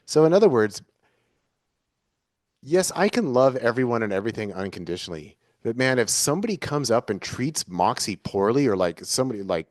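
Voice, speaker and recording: A man's voice: mid-range voice, big pitch swings, fairly quick, no room sound, clean studio sound. A man speaking as an interview guest, talking in an earnest, searching way and restating his ideas in several forms. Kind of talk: reflective conversational interview.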